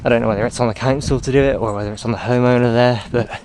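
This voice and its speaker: A man talks into a handheld camera on an outdoor walk, rambling from one thought to the next and breaking off to coax his dog. His voice sits at an ordinary middle pitch. Steady outdoor noise runs under the whole recording. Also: very fast. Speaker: vlogger. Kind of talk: casual walking vlog.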